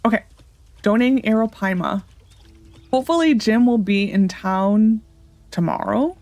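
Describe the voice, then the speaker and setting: A woman's voice: medium pitch, a little slow, a little mellow, no room sound, soft background music. A woman hosting a gaming channel, chatting casually and thinking aloud as she plays. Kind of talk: casual let's-play commentary.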